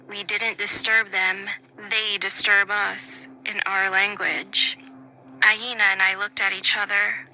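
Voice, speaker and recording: Hushed bright-voiced woman storyteller. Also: medium pitch, slight background noise, low-quality recording. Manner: hushed, partly whispered storytelling. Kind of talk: first-person scary story narration.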